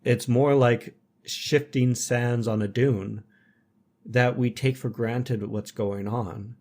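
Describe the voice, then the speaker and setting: A man in casual conversation, speaking reflectively in measured, philosophical statements. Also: medium pitch, fairly even intonation, a little mellow. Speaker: podcast guest.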